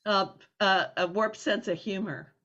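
A woman's voice: mid-range voice, fairly even intonation, a little slow, pushed and bright, highs cut off. A woman hosting a talk show, answering in short replies and laughing easily during a reading. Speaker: show host. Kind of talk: casual chat.

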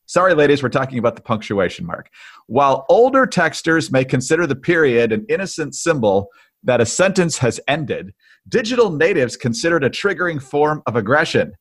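A man co-hosting a political podcast, chatting in a wry, lively way. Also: medium pitch, brisk. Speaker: podcast co-host. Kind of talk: casual political podcast chat.

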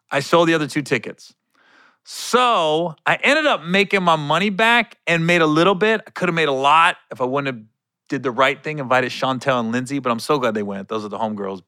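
A man telling a long, rambling story in a casual, animated way, often correcting himself mid-sentence. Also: fairly high pitch, smooth, dry recording.

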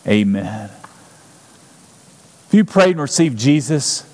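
A man's voice: mid-range voice, expressive, a little slow, a little mellow. A man preaching a sermon as pastor, earnest and urgent, building up with repeated phrases. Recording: long hall reverb.

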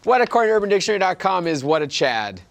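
A man's voice: sits high, big pitch swings, rapid-fire. Playful man hosting a comedy game. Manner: playful, laughs often, awards points. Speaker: game show host.

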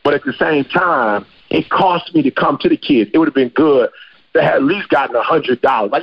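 A man's voice: medium pitch, brisk, creaky, breathy edge, highs cut off. A man hosting a podcast, talking casually and emphatically with slang. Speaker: podcast host.

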